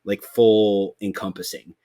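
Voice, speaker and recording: A man's voice: fairly low pitch, little pitch movement, measured pace, warm tone. A young man hosting a podcast, chatting casually, rambling with lots of fillers and swearing freely. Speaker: podcast host. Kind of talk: casual chat.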